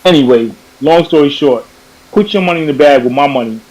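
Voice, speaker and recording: A man's voice: on the high side, fairly quick, darkish tone, rough recording. Rambling panelist man from New York. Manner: rambling, self-correcting storyteller. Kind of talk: casual chat. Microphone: video call.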